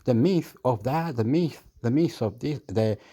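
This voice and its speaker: A man's voice: medium pitch, expressive, measured pace, warm tone, slightly rough. A man rambling in a casual vlog monologue, repeating himself and jumping between thoughts. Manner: repetitive, rambling, erratic. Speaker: YouTube vlogger. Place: Australia.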